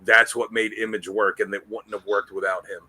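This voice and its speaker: A man with a bright, forceful voice co-hosting a casual comics chat. He is blunt and mocking, and he talks in quick bursts. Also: on the low side, flat delivery, breathy edge. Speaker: co-host.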